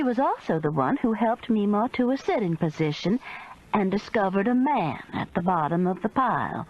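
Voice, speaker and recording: A woman narrating a first-person mystery audiobook in an expressive, measured storytelling manner. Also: medium pitch, muffled recording.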